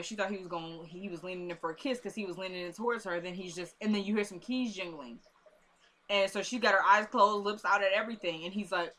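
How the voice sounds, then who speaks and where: A woman's voice: medium pitch, sharp tone. A young woman, chatting casually as she recaps a TV episode and retells the scenes with quoted lines and asides.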